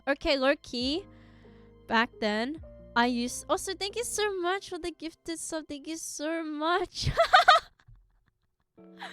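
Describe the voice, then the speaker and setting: A woman's voice: sits high, slow pace, pauses often, fairly bright tone, soft background music. A young woman streaming live, chatting casually to her viewers in a rambling way and giggling often.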